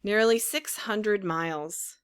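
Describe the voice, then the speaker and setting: A woman voicing a large, calm, helpful male pigeon who talks in a matter-of-fact way. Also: medium pitch, slow, clear, resonant tone, lightly acted.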